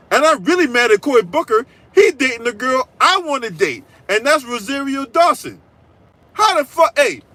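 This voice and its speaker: A man's voice: extremely high pitch, sharp tone, dry recording, rough recording. A man hosting a political commentary channel, delivering a profane, mocking rant full of crude trash talk and repeated "right?".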